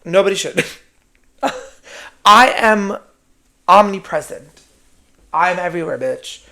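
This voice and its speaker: Brief: male podcaster, gravelly voice, sassy and foul-mouthed solo talk. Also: high voice, expressive, takes it slowly, sharp tone. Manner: sassy, profane, keeps adding "right?". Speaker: podcast host. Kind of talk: casual solo monologue.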